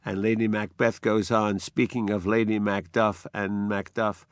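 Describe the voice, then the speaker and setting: A man giving a lecture on drama, explaining the text in a measured way between quotations. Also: lowish voice, steady tone, a bit bright, dry recording. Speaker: literature lecturer.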